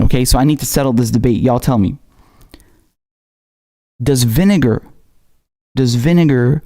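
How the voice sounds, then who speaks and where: A man with a raspy voice hosting a live stream, talking casually and slangily with halting restarts as he reads out viewer messages. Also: mid-range voice, dark tone. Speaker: livestream host.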